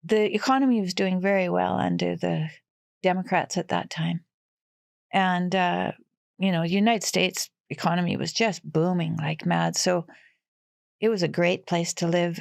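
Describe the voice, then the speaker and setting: A woman in her sixties from western Canada tells stories in a lively, animated way, often breaking into laughter. Her voice sits in a middling register. The recording is close and dry. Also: on the low side, creaky, no room sound. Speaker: guest. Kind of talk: casual storytelling.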